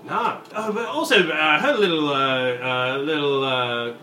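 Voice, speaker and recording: A man voicing an easygoing male nightclub DJ with a put-on Australian-sounding accent, chatty and quick to laugh. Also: fairly high pitch, pushed and bright, reverberant, a little hiss or hum. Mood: breezy. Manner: breezy, chatty, laughs easily. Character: easygoing male nightclub DJ, calls everyone mate.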